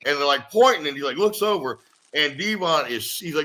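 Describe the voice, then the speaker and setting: A man co-hosting a casual chat, telling animated stories with frequent laughter and acted-out quotes. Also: a little high, brisk. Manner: animated storyteller, laughs often, acts out quotes. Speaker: co-host.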